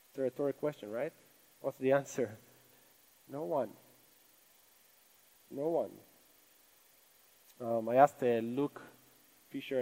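Speaking from a church stage, this pastor has a medium-pitched, slightly mellow voice and a non-native English accent. His sermon is earnest and conversational, full of rhetorical questions, though the audio quality is poor.

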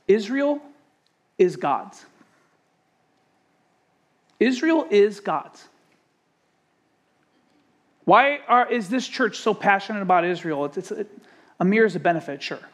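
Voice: mid-range voice, slightly rough. A pastor preaching a sermon with emphasis, asking the congregation rhetorical questions.

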